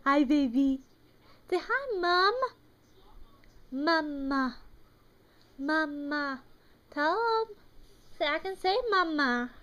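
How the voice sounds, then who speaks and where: Woman in high sing-song baby talk. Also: animated, takes it slowly, a bit bright. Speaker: mother filming her baby.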